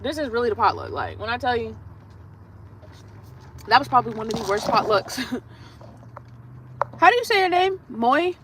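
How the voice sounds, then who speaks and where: A woman's voice: fairly high pitch, very animated, measured pace, long pauses, a little hiss or hum, low-quality recording. A woman hosting a nail livestream, chatting through a blunt, profane story in a casual storytelling way. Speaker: nail artist livestream host. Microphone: streaming setup while doing her nails.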